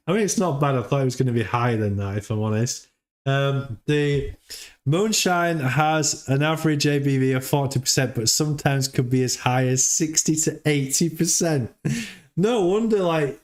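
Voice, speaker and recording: Guy rambling on a livestream, mid pitch, trips over his words a lot. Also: moderate pace. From United Kingdom. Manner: rambling, repeats words, laughs often. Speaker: livestream host. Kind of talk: casual livestream chat.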